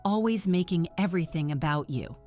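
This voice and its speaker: A cold, sneering mother with a sharp, demanding tone, read by a woman narrator. Her pitch sits low, and soft music plays underneath. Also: lively intonation, a little fast, natural voice.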